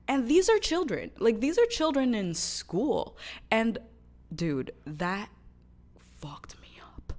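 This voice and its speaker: Slow-talking, swearing anime vlogger woman. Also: mid-range voice, very animated. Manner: candid and profane, lots of fillers and restarts. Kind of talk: casual chat.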